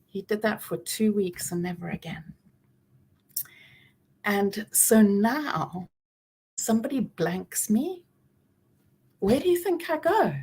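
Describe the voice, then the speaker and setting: Woman, 40s, mid-pitched, earnest personal talk with soft reflective pauses. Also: animated, breathy edge. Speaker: speaker on trauma and healing.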